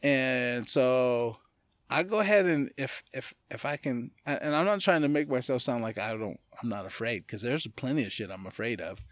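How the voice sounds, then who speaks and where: A man from California, a podcast guest, telling a personal story in a loose, animated way and often laughing as he talks. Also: medium pitch, dry recording. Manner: animated, acts out other people's lines in quick voices. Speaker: podcast guest, martial arts gym owner. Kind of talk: casual storytelling.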